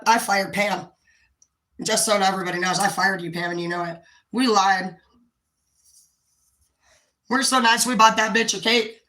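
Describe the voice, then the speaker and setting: A woman hosting a livestream, ranting to her viewers, swearing constantly and rambling, sometimes dropping to a low quiet tone. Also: reverberant, rough recording. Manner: profane, heated, swearing constantly. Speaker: livestream host talking to viewers. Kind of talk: unscripted livestream rant.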